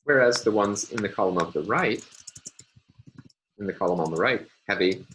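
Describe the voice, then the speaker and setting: Man, very low voice, recorded lecture, methodical, halting with fillers, faint background hiss. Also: expressive, fairly bright tone, rough recording. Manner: methodical, hesitant with frequent ums and uhs.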